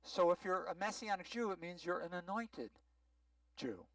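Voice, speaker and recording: A rabbi giving a sermon-style teaching, explaining words patiently and often checking whether the congregation follows. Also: male voice, high voice, normal speed, fairly bright tone, no room sound, far from the mic, low-quality recording. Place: synagogue sanctuary.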